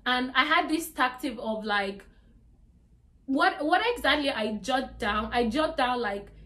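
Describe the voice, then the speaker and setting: A woman's voice: sits high, expressive, measured pace, bright, forceful tone. A young woman giving exam tips in a chatty vlog, with lots of "like" and "you know". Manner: chatty, repeats "like" and "you get me". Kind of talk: casual talk to camera.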